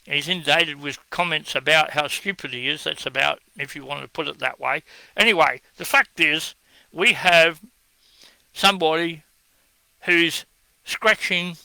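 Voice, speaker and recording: An Australian man argues in a blunt, scornful monologue. His voice sits a little high with a gravelly edge and a forceful, bright tone. The recording is dry and close. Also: a little slow, dry recording, low-quality recording. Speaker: online commentator answering viewer comments. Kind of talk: combative monologue.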